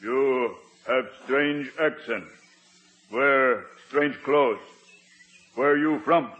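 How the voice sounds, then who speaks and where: An actor playing a solemn older tribal chief who speaks in halting, clipped phrases, in a 1950s radio sitcom. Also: male voice, medium pitch, fairly bright tone. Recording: dull 1950s radio recording.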